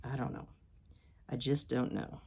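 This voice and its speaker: A woman's voice: very deep voice, measured pace, gravelly, a little mellow, husky. A woman quilting vlogger chatting casually to her viewers as she works, fretting and cheering herself on. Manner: chatty, self-doubting, talks to viewers as "you guys". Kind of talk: casual talk-along while sewing.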